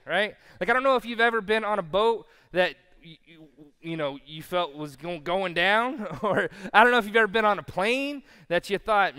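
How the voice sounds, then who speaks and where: Bright, animated man preaching a sermon. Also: high voice, clear, resonant tone, long reverb tail. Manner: animated storytelling, acting out quotes. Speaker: pastor. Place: church sanctuary.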